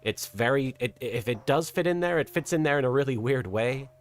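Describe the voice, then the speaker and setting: A soft-spoken streamer with an English accent drifting toward American, chatting casually with a live chat and working toward a lighter, more feminine voice placement. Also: medium pitch, fairly quick. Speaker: streamer and host. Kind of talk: casual livestream chat, reading out chat.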